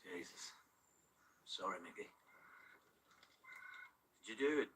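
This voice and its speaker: A cool-headed crook whose low voice carries quiet, dry menace. The sound is distant film audio with clear noise underneath. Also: male voice, lively intonation, slow pace. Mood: menacing. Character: menacing, calm male British crook.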